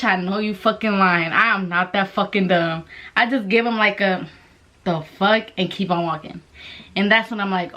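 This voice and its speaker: A young woman telling a story casually to the camera, swearing constantly and acting out voices with animated energy. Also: medium pitch. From Mexican-American. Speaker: vlogger.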